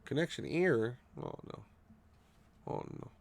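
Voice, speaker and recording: A young man streaming a game live, chatting casually and jokingly, sometimes bursting into loud shouts. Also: mid-range voice, unhurried, creaky. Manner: excitable, jokey, bursts into shouts. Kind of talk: live gaming commentary.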